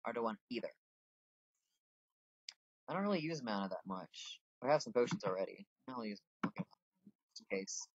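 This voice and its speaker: A man's voice: fairly low pitch, animated, fairly quick, long pauses, husky, no room sound. A man giving casual, joking let's-play commentary at home. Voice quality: chatty, joking, talks to his pet. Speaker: gamer. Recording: dull dry home mic.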